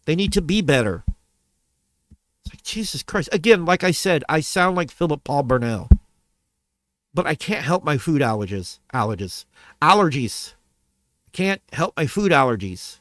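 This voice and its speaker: A man's voice: a little high, expressive, normal speed, dry recording. A man venting to his camera about a bad restaurant visit, heated and profane, repeating himself as he goes. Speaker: vlogger. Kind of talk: angry rant to camera.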